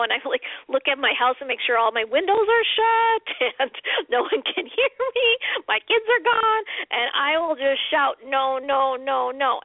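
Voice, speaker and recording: A woman guest on a radio interview, earnest and halting with lots of fillers and restarts, heard over the phone. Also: fairly high pitch, no echo. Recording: tinny phone line, dry.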